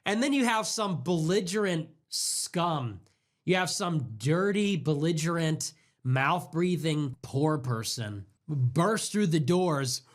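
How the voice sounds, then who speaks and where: A young man hosting a livestream, ranting casually in a sarcastic, mocking, profane way, jumping between squeaky mock voices and low mutters. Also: animated, slow pace. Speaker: livestream host.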